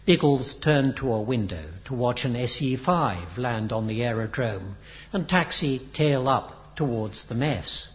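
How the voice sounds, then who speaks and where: A man narrating an audiobook in a slow, expressive storytelling manner. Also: mid-range voice, big-room sound.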